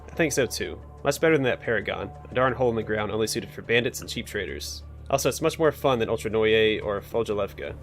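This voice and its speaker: A man's voice: fairly low pitch, animated, quick pace, few pauses, soft background music. A man voicing a proud male militia officer in a game, who talks in a boastful, matter-of-fact way.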